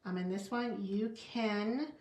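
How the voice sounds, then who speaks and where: A woman's voice: mid-range voice, fairly even intonation, slow, darkish tone, roomy sound. A woman demonstrating card stamping in a chatty tutorial, talking to herself as she works. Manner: chatty, talks to herself while working, small laughs.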